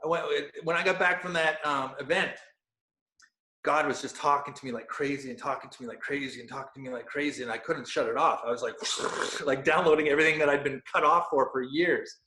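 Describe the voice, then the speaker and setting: A man guest on a podcast, telling a personal story with animated energy and frequent laughs, dropping to hushed tones for quoted lines. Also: a little high, a little fast. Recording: roomy echo.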